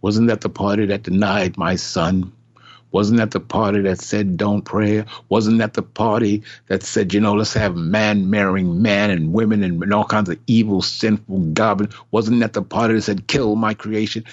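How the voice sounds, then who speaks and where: A man's voice: on the low side, level tone, normal speed, voice pushed down, lightly acted. Man voicing a stern, judging God. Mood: indignant. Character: stern male God passing judgment. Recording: dull lo-fi recording.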